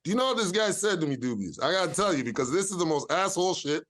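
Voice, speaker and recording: A man, a rapper guest in a casual interview, telling a story in a measured way that grows animated. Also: on the high side.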